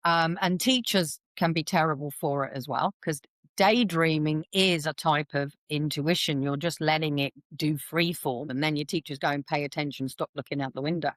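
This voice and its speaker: As a guest on a podcast, an intuitive reader explains things in a chatty manner, performing the voices she quotes as she goes. She speaks at a moderate pace in a low-pitched, slightly bright voice, recorded with no room sound.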